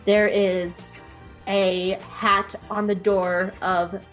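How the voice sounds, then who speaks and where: This young woman, a podcast co-host, draws out her words in a mid-range voice as she narrates a comedic piece of fan fiction. Giggly and profane, she keeps the story lively, though the recording is muffled and carries faint music.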